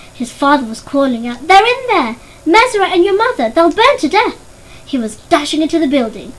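High-voiced woman reading a story. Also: slight background noise, poor audio. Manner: voices characters with raised pitch. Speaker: narrator. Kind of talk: audiobook narration.

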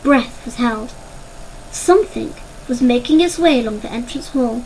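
A woman narrating a children's storybook in an expressive, dramatic way. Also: fairly high pitch, moderate pace, slight background noise, rough recording.

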